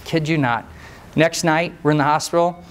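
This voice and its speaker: A man who trains mechanics, telling a story in a live talk, conversational and animated, with rhetorical questions and asides. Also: fairly high pitch, moderate pace. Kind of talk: storytelling presentation to a live audience.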